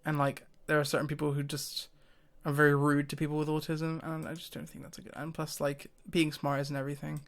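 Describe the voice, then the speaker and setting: A man's voice: a little high, completely flat delivery, brisk, vocal fry, few pauses. A man talking casually to the camera, thinking aloud with hesitations and frequent laughs. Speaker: YouTuber.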